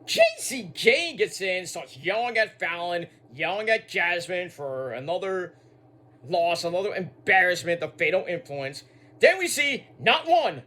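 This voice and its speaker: A man's voice: high voice, pushed and bright. A man giving a casual recap of a show. He rambles, repeats words, makes asides and swears freely. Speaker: wrestling show reviewer.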